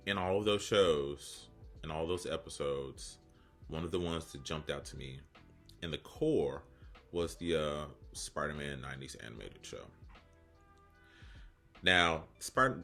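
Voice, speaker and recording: A man in his thirties with an extremely deep voice that still has a bright, forward edge, talking through a casual video essay. He rambles off on joking side tracks and pokes fun at himself, with faint music underneath. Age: 30s. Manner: rambling, joking asides, self-deprecating.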